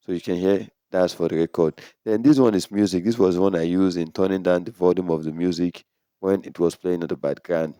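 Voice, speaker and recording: A man's voice: low voice, a little fast, clean tone, no echo, studio quality. A man hosting a casual how-to video, explaining equipment step by step and speaking into a condenser microphone. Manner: relaxed, explains step by step with many "so"s. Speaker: tech tutorial host. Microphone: condenser microphone through a sound card.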